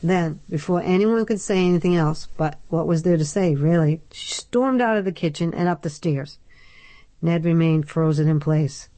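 Low-voiced woman reading a novel aloud. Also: no echo. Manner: measured, even storytelling. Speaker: audiobook narrator. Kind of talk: scripted narration.

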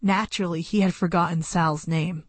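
A woman reading a first-person story aloud as an audiobook narrator, in a plain, measured storytelling manner, close to a studio mic. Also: on the low side, fairly even intonation, breathy edge, no echo.

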